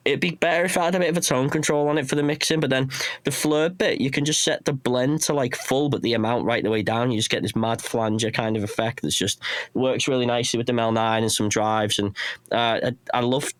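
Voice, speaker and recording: A man's voice: medium pitch, fairly even intonation, fairly quick, no echo. A man with a Runcorn Scouse accent, talking casually as a podcast guest in a rambling, self-deprecating way, often restarting his sentences. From England. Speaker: guest, pedal maker.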